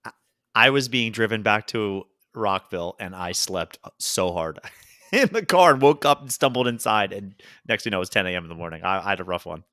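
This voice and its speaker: A man chatting on a comedy podcast, animated and quick to act out other people's lines. His tone is bright and clear. His pitch swings widely, and the sound is dry and close to the mic. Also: no echo. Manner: animated storyteller, acts out quotes. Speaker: podcast co-host. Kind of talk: casual comedy podcast chat.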